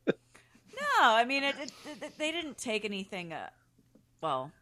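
A woman joins a talk show as a guest, chatting in a playful, easygoing way. Her pitch swings widely as she talks. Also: wildly swooping pitch, measured pace, sharp tone. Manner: playful, laughs easily. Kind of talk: casual chat.

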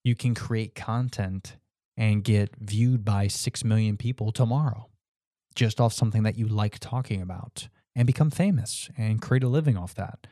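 A man's voice: lowish voice, moderate pace, mellow, dry recording, clean studio sound. Laid-back swearing male podcast host. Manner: laid-back, swears freely, many fillers. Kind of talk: casual podcast chat.

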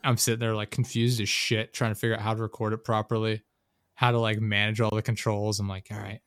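A man's voice: fairly low pitch, little pitch movement, clean tone, no room sound. A young man hosting a podcast in casual chat, loose and profane, wrapping up the episode. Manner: loose and profane, retelling scenes with quick impressions. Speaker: podcast host.

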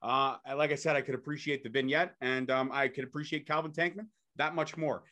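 A young man co-hosting a podcast, eagerly recapping events in a casual, hurried play-by-play chat. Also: medium pitch, fairly even intonation, sharp tone. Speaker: podcast co-host.

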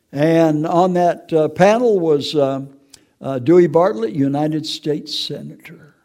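A man's voice: on the high side, darkish tone. An older man telling his Christian testimony in a folksy, preacherly way, often tagging his lines with "okay?". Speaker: testimony speaker.

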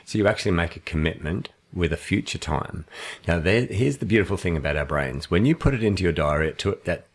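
A man with a croaky voice, casually explaining and telling stories on a podcast. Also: low-pitched, fast. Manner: storytelling, animated when acting out quotes. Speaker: podcast co-host, trainer. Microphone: studio microphone.

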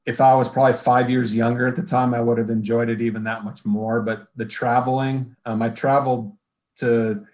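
A man as an interview guest, recounting his career in a measured way with frequent ums. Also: mid-range voice, little pitch movement, a little mellow. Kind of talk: casual conversational interview.

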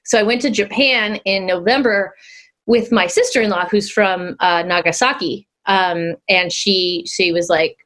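A woman's voice: medium pitch, measured pace, fairly bright tone. Chatty laughing woman co-host. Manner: chatty storytelling, laughs often. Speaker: podcast co-host. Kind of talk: casual chat.

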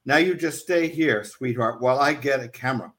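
A man's voice: medium pitch, a little fast, a bit bright, lightly acted. A man telling a story who reads out the lines of a shaken husband in his own plain voice, urgent but soothing. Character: shaken husband trying to stay calm.

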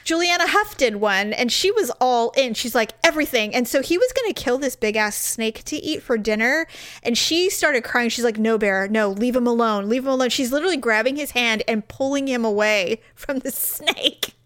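Animated high-voiced woman gossiping. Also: normal speed. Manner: animated, acts out quotes, blunt and profane. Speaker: podcast co-host. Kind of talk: casual chat.

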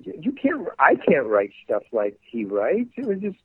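A man's voice: fairly high pitch, normal speed, slightly rough, no room sound. An older man, a guest actor, telling stories in a podcast interview, rambling and acting out the people in them. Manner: rambling, animated, acts out the people in his stories. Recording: dry tinny phone-like line.

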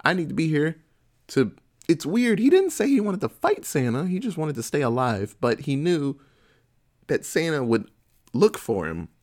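Animated man retelling a movie, swearing freely. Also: a little high, normal speed. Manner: profane, laughing, animated storytelling. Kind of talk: casual chat, retelling a movie plot.

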